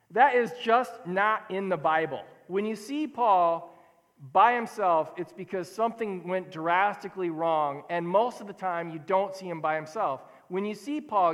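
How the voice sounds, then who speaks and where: Male pastor, high voice, chatty animated sermon delivery, reverberant sanctuary. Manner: conversational, animated, self-correcting. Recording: long hall reverb.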